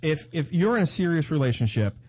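Wisecracking married man, slightly high lively voice, casual banter. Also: brisk. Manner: wisecracking, teasing.

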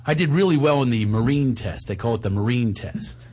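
Middle-aged male radio host, animated, teasing, casual banter. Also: mid-range voice, a little fast, slight background noise.

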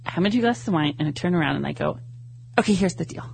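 High-voiced man telling an animated story. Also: rapid-fire, vocal fry, slight background noise. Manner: animated storyteller, acts out his own reactions. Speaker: talk show guest. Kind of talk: casual talk show chat.

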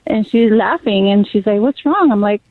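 A woman's voice: mid-range voice, level tone, normal speed, no room sound. A middle-aged woman calling into a radio show, chattily telling a story about crying. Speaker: caller. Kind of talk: telling a story on air by phone. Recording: tinny phone line.

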